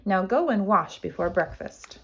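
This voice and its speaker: A woman's voice: mid-range voice, lively intonation, unhurried, creaky, slightly rough, heavily acted. A woman voicing a huge giantess who is kindly and bossy. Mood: scolding. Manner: bossy, scolding.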